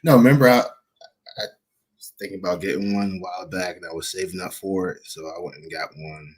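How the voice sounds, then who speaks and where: A man with a very deep voice joins a gaming podcast. His tone is husky. He makes relaxed, easygoing small talk. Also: moderate pace. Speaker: podcast guest. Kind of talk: casual podcast chat.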